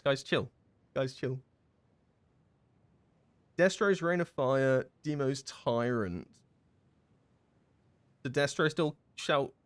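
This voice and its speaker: Male game streamer, chatty and rambling, mid-pitched, dry booth-close sound. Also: no room sound. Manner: rambling and chatty, with many fillers and quick laughs. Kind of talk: casual live-stream chat while gaming.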